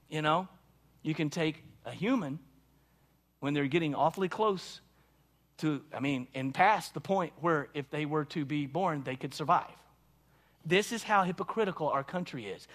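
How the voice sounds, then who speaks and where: A high-voiced man preaches a sermon from the pulpit. He drives his points home emphatically and keeps checking in with the congregation with "see?" and "right?". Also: a bit bright. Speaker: pastor.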